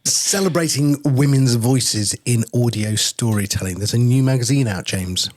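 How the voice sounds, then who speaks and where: A man co-hosts a podcast and interviews a guest, teasing and loose in his manner. His voice sits at a middle pitch. The recording is dry and close. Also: normal speed, darkish tone, no echo. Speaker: podcast co-host. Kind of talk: casual chat and interviewing.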